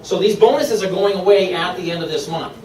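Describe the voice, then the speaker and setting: A man from Maine giving an upbeat, persuasive sales pitch to a live room, laughing often. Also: brisk, darkish tone, roomy sound, distant mic, a little hiss or hum, low-quality recording. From Maine, USA. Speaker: presenter at a sales meeting. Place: meeting room.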